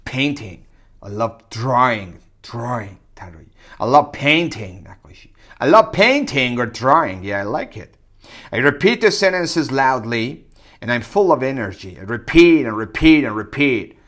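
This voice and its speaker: A man teaching English, who repeats phrases loudly and whispers quick translations. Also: mid-range voice, very animated. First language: Persian. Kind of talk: energetic language lesson with repetition drills.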